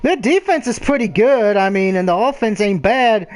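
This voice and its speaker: A man hosting a casual sports picks show, blunt and profane, ranting in an animated way. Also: sits high, moderate pace. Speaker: sports picks podcast host.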